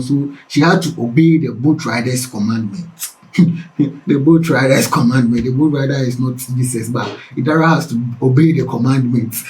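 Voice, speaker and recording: A man narrates the news story in a loose, informal way. He drops in asides and repeats key bits for effect. His voice sits at a middle pitch. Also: rough recording.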